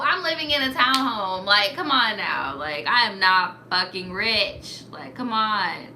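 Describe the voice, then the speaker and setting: A young woman hosting a casual storytime show, giving blunt, profane advice with animated reactions. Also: medium pitch, unhurried, hardly any pauses, a little hiss or hum.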